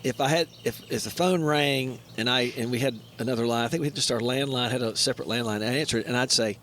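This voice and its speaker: Animated storytelling man, faint room noise. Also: mid-range voice, fast talker. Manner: animated storyteller, acts out quoted voices. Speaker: guest, brother. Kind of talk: casual storytelling chat. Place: mountain cabin.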